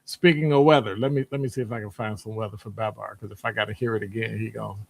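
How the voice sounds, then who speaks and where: A man's voice: lowish voice, quick pace, gravelly. Chatty man hosting a stream. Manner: greets chat viewers by name, lively rises. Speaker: host of a live stream show. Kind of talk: casual live-stream chat and commentary.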